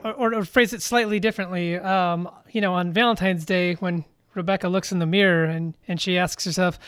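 A man's voice: high voice, fast talker, few pauses, fairly bright tone, clean tone, no echo, clean studio sound. A man co-hosting a political call-in show, talking casually with sarcastic, wry jokes. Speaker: radio talk show co-host.

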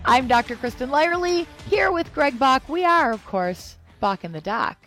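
A woman in her forties co-hosting a morning radio show, chatty and quick to laugh. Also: high voice, soft background music. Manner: chatty, laughs easily, animated. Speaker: radio co-host. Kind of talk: casual morning radio chat. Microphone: studio microphone.

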